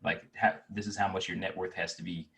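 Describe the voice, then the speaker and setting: A man in his twenties talking casually as an interview guest, relaxed and rambling, full of fillers and restarts. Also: deep voice, fairly quick, far from the mic. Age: 20s.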